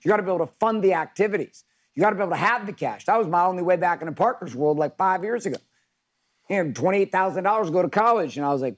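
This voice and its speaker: A man's voice: on the high side, lively intonation, quick pace. A middle-aged man coaching a live virtual workshop, talking casually, with profanity and stories.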